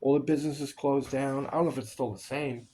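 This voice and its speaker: A man's voice: medium pitch, fairly even intonation, brisk, dark tone, a little hiss or hum. A man in casual chat, telling stories of film work, acting out the people he quotes and swearing freely. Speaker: storyteller recalling film work.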